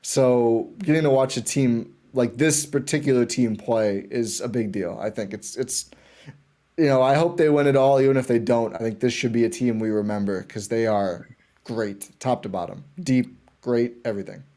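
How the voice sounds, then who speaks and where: A man guesting on a sports podcast, talking like an excited fan and often restarting his sentences. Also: mid-range voice, moderate pace. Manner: enthusiastic fan, rambling with restarts. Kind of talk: casual sports chat.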